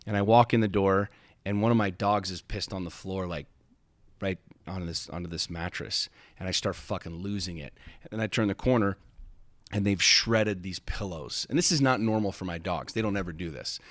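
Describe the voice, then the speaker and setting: Low-voiced man telling an intense story. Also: a little fast, fairly bright tone, dry recording. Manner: intense, emphatic, profane, with frequent repeated starts. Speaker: podcast host. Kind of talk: podcast conversation, personal storytelling.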